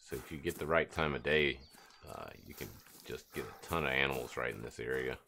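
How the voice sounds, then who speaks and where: Man, game streamer, extremely low voice, gravelly fry, laid-back chatter, faint hiss. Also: brisk. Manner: relaxed, chatty, reads out viewer chat. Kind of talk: casual live-stream commentary.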